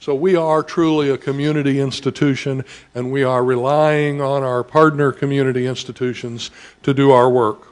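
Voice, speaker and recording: A man, a school district administrator, giving a formal public speech in a measured way with frequent "uh" pauses. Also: medium pitch, steady tone, clean tone. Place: school event audience setting.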